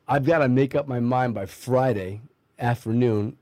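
Measured and mellow, a middle-aged man at medium pitch recalls his life as a guest, rambling casually with frequent restarts and fillers while performing the voices of people he quotes. No room sound is audible.

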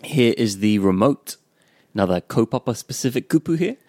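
Man, gravelly voice, as a learner who repeats phrases and asks what they mean. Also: medium pitch, lively intonation, moderate pace, a little mellow, clean studio sound. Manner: checks meanings, echoes phrases back. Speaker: learner and co-host. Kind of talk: bilingual language lesson chat.

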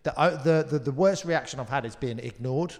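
A British man, a comedian guest on a live talk show, telling a lively anecdote and slipping into quoted voices, with casual swearing. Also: mid-range voice, brisk. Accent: British English. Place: live venue stage. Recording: long reverb of a live venue.

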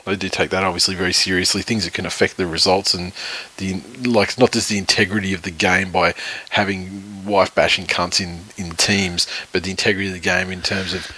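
A husky-voiced Australian man trades banter on a podcast, reading out listener messages. He swears freely, laughs often and restarts his sentences as he rambles along. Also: sits low, level tone, fairly quick, bright, forceful tone, rough recording. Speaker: podcast co-host.

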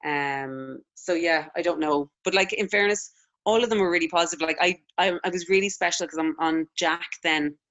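A woman's voice: lowish voice, moderate pace, a bit bright, muffled recording. A woman in her thirties with an Irish accent, a lactation consultant chatting casually as an interview guest. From Ireland. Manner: chatty, filler-heavy storytelling with frequent "like".

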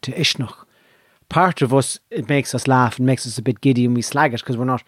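A man's voice: medium pitch, fairly quick, no echo, studio quality. An Irish man telling a long anecdote in casual chat, swearing freely as he goes. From Ireland.

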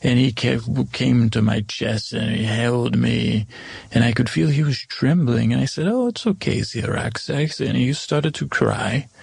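A man voicing an older stepmother who was cruel in the past, recounting her adventures in a gravelly, husky voice. She rambles and stumbles, correcting herself mid-sentence in an improvised comedy. The sound is dry and close. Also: mid-range voice, steady tone, darkish tone, no echo, full character voice. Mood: rambling. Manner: rambling, halting and self-correcting. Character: Agatha, older stepmother, once cruel, now remorseful. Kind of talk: improvised first-person storytelling.

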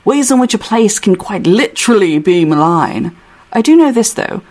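A woman reading aloud as an older English gentleman in an attempted London accent, measured and storytelling. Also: mid-range voice, big pitch swings. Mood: grave.

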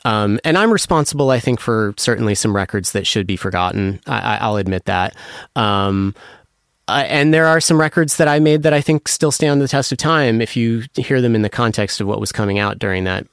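A man's voice: lowish voice, lively intonation, fairly quick, clear, resonant tone, dry recording, clean studio sound. A man answering interview questions in casual talk, enthusiastic and rambling with many fillers and restarts, apologising when he gets emotional. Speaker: music producer guest.

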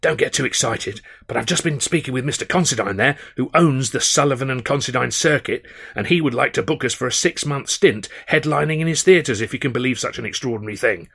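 A man reading an audiobook, voicing a theatre manager who shares news in a hushed, eager way. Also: medium pitch, a little fast, gravelly, hardly any pauses, slightly rough, voice pushed up. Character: excited male theatre manager.

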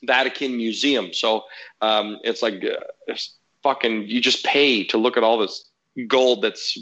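A man's voice: lowish voice, fairly even intonation, measured pace, a bit bright, dull audio. A man in casual podcast chat, telling a story as a heated, profane rant.

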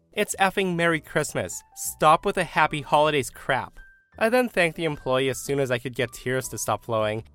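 A man narrating online stories aloud in an expressive storytelling manner. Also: mid-range voice, clean tone.

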